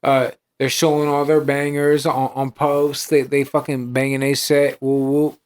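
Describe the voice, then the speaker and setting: A man's voice: mid-range voice, little pitch movement, a little slow. A man co-hosting a podcast, telling street stories in a casual, slangy way, acting out dialogue and swearing often. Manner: streetwise storytelling, acts out dialogue, frequent restarts and swearing. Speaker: podcast co-host. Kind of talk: casual chat.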